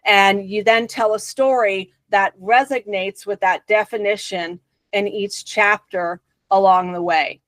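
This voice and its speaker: A woman guest in an interview, earnestly telling a personal spiritual story with emphatic pauses. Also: medium pitch, fairly even intonation, fairly bright tone, dry recording.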